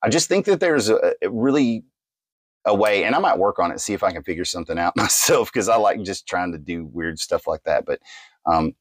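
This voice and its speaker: Low-voiced guy rambling through a knife review, lots of ums, dry close sound. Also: animated, fairly quick, no room sound. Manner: rambling, many fillers and restarts. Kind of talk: casual product review.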